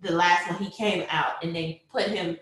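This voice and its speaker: A young woman telling a personal story, animated, acting out what people said and laughing often. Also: fairly low pitch, moderate pace. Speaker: mother telling her birth story. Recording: very echoey room.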